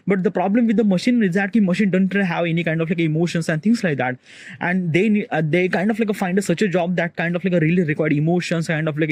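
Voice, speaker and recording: Man, rambling self-recorded vlog on a cold rooftop, filler-heavy, slightly high voice, dry close sound. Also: darkish tone, no room sound. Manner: talks fast, chides himself to slow down. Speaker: vlogger. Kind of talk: rambling solo monologue. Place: rooftop outdoors in cold morning.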